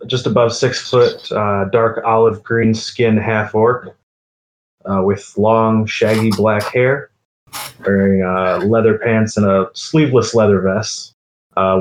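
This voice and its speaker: A man describing his game character, halting with many fillers. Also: lowish voice, roomy sound, low-quality recording. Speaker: player.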